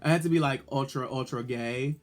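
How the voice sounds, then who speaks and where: A man's voice: medium pitch, a little fast, faint music behind. A man, a drag queen vlogger, chatting in a sassy, playful way as he reviews an episode. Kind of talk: casual video review.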